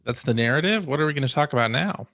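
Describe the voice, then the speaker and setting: A man's voice: medium pitch, animated, fast talker, fairly bright tone, dry recording, clean studio sound. A man co-hosting a casual podcast, upbeat and joking, reading a listener email aloud. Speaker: podcast co-host.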